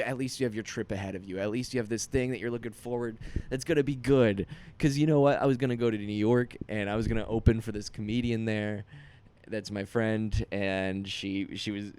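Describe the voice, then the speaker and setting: A man's voice: on the low side, darkish tone, clear, resonant tone. A young man, a comedian hosting his podcast, telling a rambling, self-deprecating story in casual chat with many restarts.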